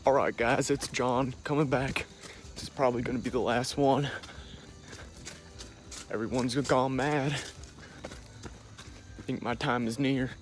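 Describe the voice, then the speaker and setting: A man playing a weary, condemned Salem farmer who speaks to the camera in halting vlog messages, saying "y'all". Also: medium pitch, steady tone, soft background music, natural voice. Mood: somber. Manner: slow, halting, says "y'all". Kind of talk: amateur vlog-style role-play.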